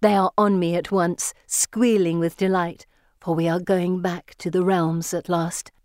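Low-voiced woman narrating an audiobook. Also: little pitch movement, a little slow, a little mellow, dry recording, studio quality.

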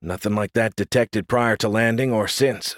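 A man doing a calm, practical officer who talks in a measured way. The voice sits low and the audiobook sound is dry and close. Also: no echo, natural voice. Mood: steady. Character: calm, level-headed male military leader.

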